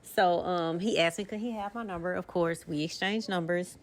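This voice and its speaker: A woman's voice: fairly low pitch, fairly even intonation, moderate pace. Rambling woman telling a story. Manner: rambling, full of ums and you-knows. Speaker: podcast co-host. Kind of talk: casual storytelling.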